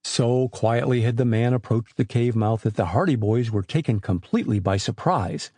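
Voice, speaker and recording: A man's voice: mid-range voice, moderate pace, dry recording. A man narrating an adventure novel as an audiobook, telling it expressively. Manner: expressive storytelling.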